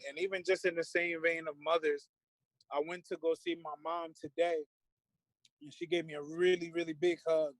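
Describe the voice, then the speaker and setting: Earnest man with a high voice, fillers. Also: no echo, poor audio. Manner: earnest, emotional, many fillers and restarts. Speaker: guest. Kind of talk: casual discussion.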